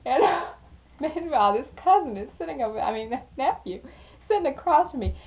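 A woman tells a story in a casual, lively way. She laughs often and slips into the voices of the people she quotes. The sound is narrow and tinny, like a telephone line. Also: sits high, normal speed. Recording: tinny phone-like recording.

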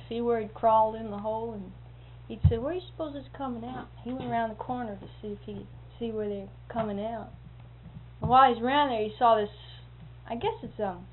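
A woman telling a long anecdote in casual conversation, acting out what others said with sound effects like "boom" and breaking into laughter. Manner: animated, acts out quoted speech with sound effects and laughter. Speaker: storyteller. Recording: tinny lo-fi recording with faint hiss.

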